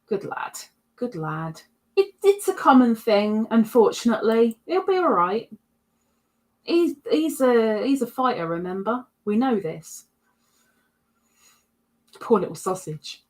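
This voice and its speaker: Woman, livestream host; relaxed, rambling chat through viewer comments, slow delivery. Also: on the high side. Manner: chatty, rambling, frequent "um"s.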